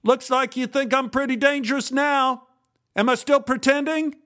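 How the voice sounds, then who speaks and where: A man voicing a cocky young male college actor who shouts and taunts with menace, his pitch pushed well up. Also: lively intonation, unhurried, dry recording, studio quality. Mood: shouting taunts.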